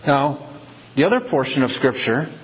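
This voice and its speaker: A man preaching a sermon, asking questions with emphatic rises in pitch. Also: sing-song, normal speed. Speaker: pastor.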